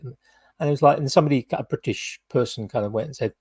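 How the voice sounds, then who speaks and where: A British man hosts a laid-back podcast, winding through his stories with endless "kind of" and "you know". His voice is slightly husky and recorded dry and close. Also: mid-range voice, fast, a little mellow, no room sound. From United Kingdom. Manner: rambling, full of "kind of" and "you know" hedges. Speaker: podcast host. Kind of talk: casual podcast chat.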